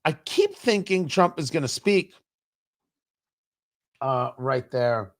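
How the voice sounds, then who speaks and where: A man's voice: a little high, lively intonation, slow. A middle-aged man hosting a political commentary livestream, firing off sarcastic, heated rhetorical questions. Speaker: talk show host.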